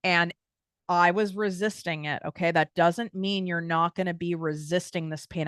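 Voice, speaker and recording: An American woman hosts her own podcast, speaking in a clear, smooth voice. She talks bluntly and casually, swears freely and drifts into tangents as she coaches listeners. The sound is dry and close, with no room echo. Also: fairly low pitch, steady tone, normal speed, a bit bright. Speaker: podcast host and business coach. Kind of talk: casual motivational monologue.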